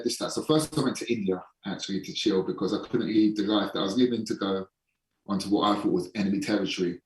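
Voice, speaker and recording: A man in a casual podcast interview, a holistic performance coach who speaks frankly and swears casually, slowing down for emphasis. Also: lowish voice, fairly even intonation, far from the mic. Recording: echoey room, voice somewhat off-mic.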